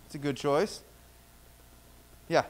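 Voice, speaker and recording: Leading the kids' story time in the sanctuary, this man speaks slowly in a higher voice, telling a story and posing playful questions to the children during the children's sermon.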